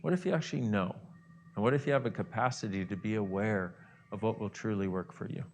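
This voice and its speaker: A man's voice: fairly low pitch, quick pace, slight background noise. A man speaking as a self-help host, leading listeners through an imagined morning and voicing their inner reactions with gasps and exclamations. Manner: animated, acts out inner voices with gasps and exclamations. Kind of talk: guided visualization talk.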